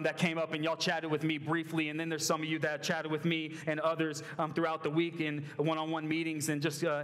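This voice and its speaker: A young man delivers a casual, conversational sermon, often restarting his sentences. His voice sits a little high and stays fairly level in pitch. The sound rings out with the long reverb of a large hall. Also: fairly bright tone. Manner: conversational preaching with frequent fillers and restarts. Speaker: college ministry preacher.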